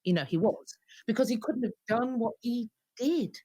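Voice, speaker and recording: A woman guest singer telling lively, animated anecdotes in an interview, acting out the quotes. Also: on the high side, moderate pace, dry recording. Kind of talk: storytelling interview.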